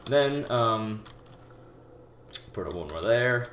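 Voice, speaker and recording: A young man giving a rambling, halting game tutorial, full of fillers and restarts, talking as if out of breath. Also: fairly low pitch, expressive. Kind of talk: casual gameplay tutorial. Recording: echoey room with loud background noise. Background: keyboard typing and mouse clicks.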